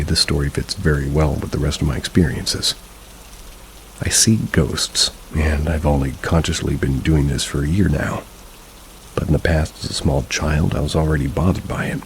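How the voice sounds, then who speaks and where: A man narrating scary reader-submitted stories in an even, measured reading. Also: rumbling low, a little hiss or hum, rough recording. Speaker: horror story narrator.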